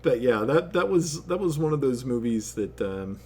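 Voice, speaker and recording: Animated, swearing man telling a story. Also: mid-range voice, moderate pace, husky. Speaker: stream host. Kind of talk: casual chat.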